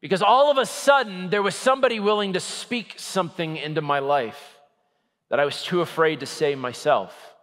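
A man in his thirties, a Catholic priest, preaching a sermon with lively, humorous storytelling. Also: high voice, normal speed. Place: church. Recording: echoey church hall.

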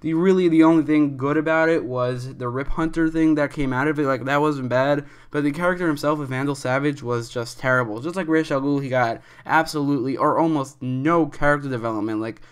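Young male commentator, smooth resonant voice, rambling opinionated delivery. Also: a little high, brisk, hardly any pauses. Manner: rambling, restarts often, opinionated. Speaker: commentary video host.

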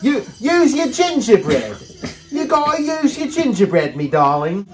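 A man's voice: very high voice, huge pitch swings, measured pace, faint music behind, voice pushed up, heavily acted. A man voicing a cocky young English pop bandsman in an exaggerated mock Cockney accent, bouncy and overdone. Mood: cheeky.

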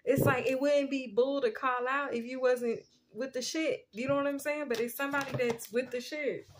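A woman giving a casual spiritual tarot reading, chatty and quick to laugh, often asking "you know what I'm saying". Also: high voice, fairly even intonation, slight background noise. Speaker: tarot reader.

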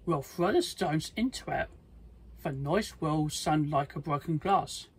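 A sensible, problem-solving pig from a children's storybook, as a reader puts him on. The voice is husky and breathy, read slowly and plainly with a few restarts. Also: medium pitch. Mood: helpful.

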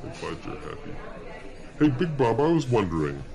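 Male co-host, comedy sketch, whiny little-brother energy, mid pitch, very animated. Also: moderate pace, vocal fry, a faint crowd.

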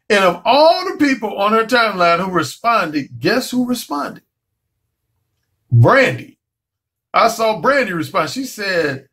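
A male dating coach with a notably high voice lectures his audience head-on. He is blunt and profane, and he preaches with rhetorical questions. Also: expressive, unhurried, pushed and bright. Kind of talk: blunt vlog monologue.

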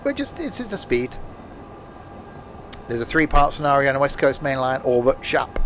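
A man's voice: mid-range voice, very animated, moderate pace, fairly bright tone, a little hiss or hum. A man casually chatting while live-streaming a train game, rambling and joking to himself and his chat at a home desk mic.

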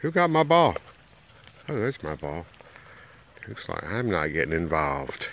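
A ball-hogging pet dog, voiced by a man in a plain, chatty manner. The voice sits very low but swings widely in pitch, and it talks at an unhurried pace. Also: sing-song, a bit bright, slight background noise, heavily acted, rough recording. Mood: smug.

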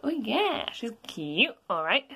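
A woman's voice: a little high, sing-song, slow, sharp tone, breathy edge, full character voice. A woman playing a cheeky young goat boy. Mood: smitten. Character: cheeky young male goat kid, rude to his mother.

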